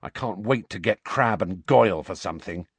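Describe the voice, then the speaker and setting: A man's voice: sits low, animated, moderate pace, breathy edge, no echo, heavily acted. A man playing a sulky, sarcastic schoolboy. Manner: blunt and sarcastic.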